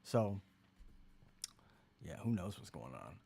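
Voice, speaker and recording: A man's voice: deep voice, sing-song, slow, creaky, mellow, husky. A man hosting a casual livestream chat, rambling and joking loosely. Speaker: host.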